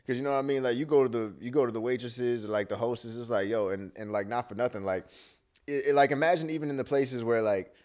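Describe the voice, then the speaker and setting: A man's voice: mid-range voice, quick pace, a little mellow. A young man co-hosting a podcast, chatting casually in a rambling way, full of fillers and slang. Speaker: podcast co-host. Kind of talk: casual chat.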